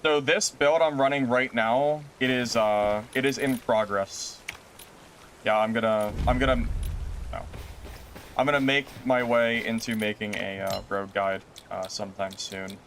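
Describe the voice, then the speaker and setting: A man streaming a game live, talking to his chat in a middle-pitched voice. He is animated and exasperated, his voice leaping up in quick exclamations, with faint noise and clicks behind him.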